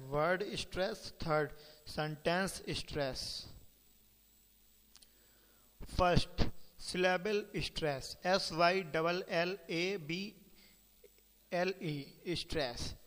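A male teacher slowly dictates a lesson, pausing to spell words out letter by letter. His voice is smooth and clear, slightly high for a man. A long reverb hangs around him, as in a large room. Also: fairly bright tone.

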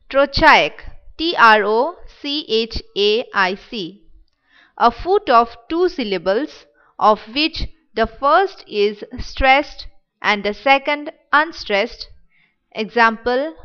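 A teacher reads a lesson aloud very slowly and deliberately, pausing to spell terms out letter by letter. Her voice is smooth, clear, expressive, a bit bright, and on the high side. The recording sounds dull and lo-fi.

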